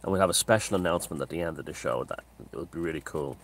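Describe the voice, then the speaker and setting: A man's voice: very deep voice, rapid-fire, slight background noise. A man hosting his own channel, talking in a casual unscripted monologue, discursive and opinionated, circling back to restate his points.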